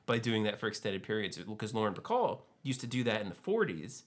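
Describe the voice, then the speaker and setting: A man guesting on a casual movie podcast, agreeable and quick to say "yeah". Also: fairly low pitch, very animated.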